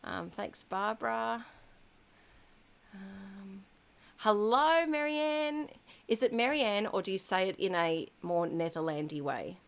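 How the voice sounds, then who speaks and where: A woman's voice: mid-range voice, lively intonation, slow pace. A woman in her thirties chatting casually on a live stream, reading out viewers' messages with frequent ums and giggles. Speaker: livestream host reading chat.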